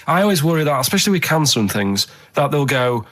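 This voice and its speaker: A man, a regular on a studio radio show, rambling deadpan about his worries. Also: a little high, fast talker. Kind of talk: unscripted radio comedy chat.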